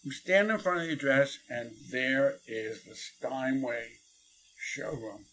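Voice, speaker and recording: Animated New man telling a story. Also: mid-range voice, measured pace, slight background noise, low-quality recording. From New York City. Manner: animated and chatty, many fillers and laughs. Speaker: interview guest. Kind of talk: storytelling in a conversation.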